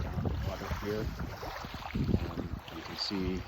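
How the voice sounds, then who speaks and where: A man's voice: sits low, little pitch movement, slow pace. A man from Canada in casual walking commentary, rambling and chatty as he describes a lakeside trail outdoors into a handheld camera. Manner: rambling, chatty, narrates what he sees while walking. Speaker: hiking vlogger. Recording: dull lo-fi outdoor recording with loud background noise.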